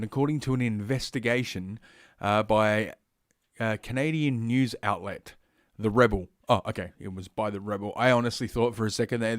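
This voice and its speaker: A man's voice: on the low side, dry recording, clean studio sound. A man with an Australian accent hosting a solo podcast, reading news stories aloud and breaking off into rambling, profane, sarcastic asides. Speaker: podcast host.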